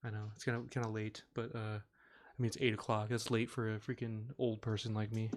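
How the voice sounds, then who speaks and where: A man's voice: lowish voice, little pitch movement, a little fast. A man co-hosting a casual podcast, laughing often as he chats. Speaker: podcast co-host. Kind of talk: casual chat.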